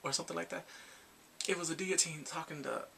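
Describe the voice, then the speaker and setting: Gravelly, bright-voiced excited man. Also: fairly high pitch, fast talker, slight background noise. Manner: animated, emotional, acts out the characters' lines. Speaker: drama reviewer. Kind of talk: excited casual plot recap.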